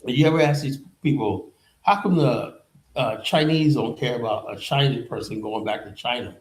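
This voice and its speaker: A man in the middle of a heated rant on his own channel. His delivery is sarcastic and blunt, and he keeps sliding into mocking put-on voices of his opponents. His pitch sits at a plain everyday middle for a man. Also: normal speed, poor audio. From United States. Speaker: commentary channel host. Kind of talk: ranting political commentary. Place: in Liberia, West Africa.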